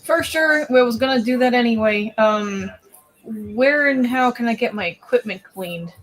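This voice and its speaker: A woman's voice: a little high, measured pace, a bit bright, low-quality recording. A woman playing a tabletop role-playing game, chatting in an upbeat way. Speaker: player. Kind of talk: casual tabletop play.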